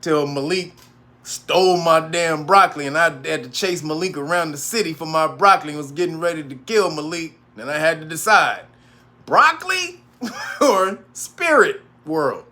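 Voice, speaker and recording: A man's voice: fairly high pitch, brisk, bright, forceful tone. A man hosting a casual livestream monologue, rambling and profane, laughing often between remarks. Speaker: host.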